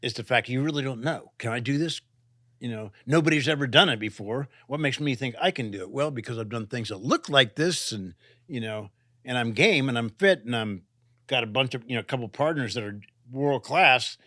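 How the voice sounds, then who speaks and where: Bright-voiced older man, rambling talk. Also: medium pitch, brisk, no room sound, studio quality. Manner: rambling, restarts, frequent "right?" and "you know". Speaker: guest, climber and author. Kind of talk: casual interview talk.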